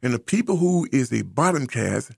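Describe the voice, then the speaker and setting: A man from the United States delivering an impassioned commentary. His voice is gravelly and a little husky, and his pitch swings widely as he drives home his points with preachy, repeated phrases. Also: very animated, normal speed, darkish tone, no echo, clean studio sound. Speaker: social commentator.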